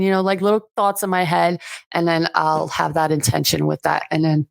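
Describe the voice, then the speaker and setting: A woman's voice: deep voice, little pitch movement, moderate pace, vocal fry, dry recording. A woman of Albanian background, a podcast guest chatting casually and bluntly, swearing often and acting out what others say. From Albanian family background. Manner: blunt, profane, acts out quotes.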